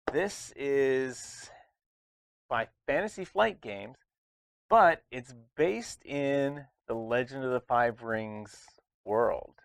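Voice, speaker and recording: Gravelly-voiced man chatting about board games. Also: medium pitch, dry recording. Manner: chatty, rambling with frequent restarts. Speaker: board game reviewer. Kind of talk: casual chat.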